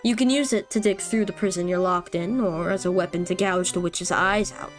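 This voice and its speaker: A woman's voice: lowish voice, fairly quick, soft background music, natural voice. Bernkastel, a woman reading as a cruel witch. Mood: coolly taunting. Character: cruel aloof female witch, ageless, mocking. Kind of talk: reading game dialogue aloud.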